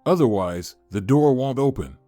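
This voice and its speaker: A man's voice: mid-range voice, animated, moderate pace, warm tone, no echo, soft background music, close to an everyday voice. A man voicing a cheerful, capable teenage son who takes charge of the family in a storybook reading. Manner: cheerful, bossy.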